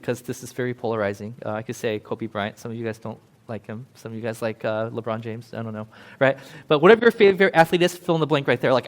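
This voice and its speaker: A man giving a casual, joking sermon in a church, chatty and quick to laugh. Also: medium pitch, lively intonation. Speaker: pastor.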